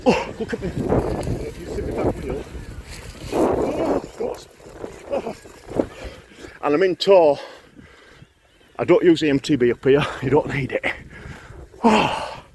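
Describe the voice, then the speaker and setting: A man's voice: fairly high pitch, big pitch swings, slow pace, pauses often, mellow, slight background noise. A man with a Yorkshire accent, out of breath, chatting to his phone camera while riding a bike up muddy hills outdoors, groaning and swearing and joking. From Yorkshire, England. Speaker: vlogger. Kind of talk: casual commentary while riding. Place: outdoors on muddy hill tracks. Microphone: phone held in hand.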